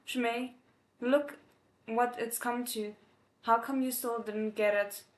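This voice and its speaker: A woman's voice: a little high, fairly even intonation, slow. A woman reading the lines of an angry, grieving young male disciple in an impassioned, pleading way. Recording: echoey room.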